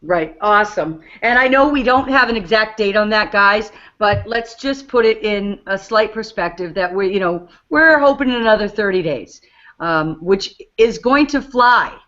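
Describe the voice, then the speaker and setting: A woman's voice: mid-range voice, lively intonation, moderate pace, fairly bright tone. Woman, New England accent, upbeat, encouraging, muffled call audio. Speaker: host. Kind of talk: team call.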